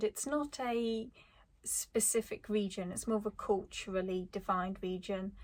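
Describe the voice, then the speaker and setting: A young woman in her twenties talks casually to the camera in a Black Country accent. She is chatty and friendly, and every so often loses her place and laughs at herself. Her voice sits at a middling pitch. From Black Country, England. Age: 20s. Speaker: vlogger. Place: at home in front of a flag.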